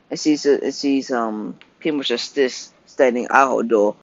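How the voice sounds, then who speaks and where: A man's voice: medium pitch, unhurried, hardly any pauses, slight background noise. A man narrating an improvised fan story in a loose, rambling way. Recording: dull lo-fi recording.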